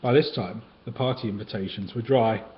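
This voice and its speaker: A man reading children's picture books aloud in a gentle, sing-song storytelling way, on a dull, lightly hissing recording. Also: lowish voice, fairly quick.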